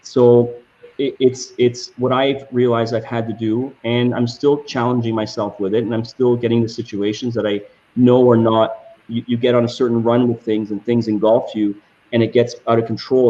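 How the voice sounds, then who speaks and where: A man's voice: medium pitch, flat delivery, moderate pace, darkish tone, highs cut off. A man answering as a guest in an interview. He talks with passion and often repeats words as he restarts his sentences. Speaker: guest entrepreneur.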